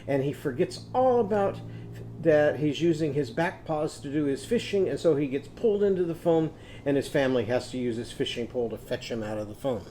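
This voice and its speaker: A man teaching a children's phonics lesson, patiently sounding out words slowly for young learners. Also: on the high side, dark tone, slight background noise. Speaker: literacy teacher.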